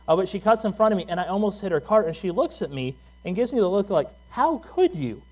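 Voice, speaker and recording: A man preaching a sermon in an easy, conversational way, with a voice a little higher than most men's. He tells stories about himself and keeps asking the congregation questions. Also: fast talker, a little mellow. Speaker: pastor.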